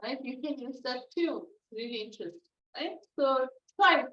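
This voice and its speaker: Brief: female phonics teacher, fairly high voice, emphatic repetition, heard from afar in a roomy space. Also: sharp tone. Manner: repeats sounds slowly and emphatically, asks "right?" often. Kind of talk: online phonics lesson. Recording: echoey, distant, dull lo-fi.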